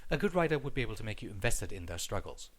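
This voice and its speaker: A man's voice: on the low side, big pitch swings, very fast. A young man reading a scripted stand-up comedy monologue in a wry, joking manner, recorded on a headset mic.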